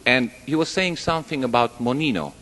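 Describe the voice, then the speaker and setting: A man of medium pitch jokes on stage with an animated, fairly quick delivery and a fairly bright tone. His live stand-up in a large hall before an audience is chatty, rambling and self-mocking. The recording has a long hall reverb.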